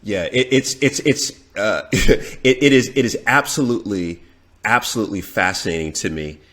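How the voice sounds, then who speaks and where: A man speaks as a podcast guest in a somewhat low voice. His talk is casual and halting, with words doubled and tripled as he works toward his point. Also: a bit bright. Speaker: podcast guest, dating expert.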